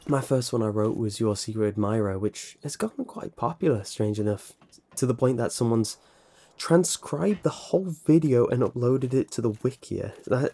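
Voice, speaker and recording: Young British YouTuber man with a mellow tone and crisp enunciation; rambling, self-correcting fan Q&A delivery. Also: medium pitch. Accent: British, precise enunciation. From Britain. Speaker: YouTube narrator answering fan questions. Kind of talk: casual Q&A vlog.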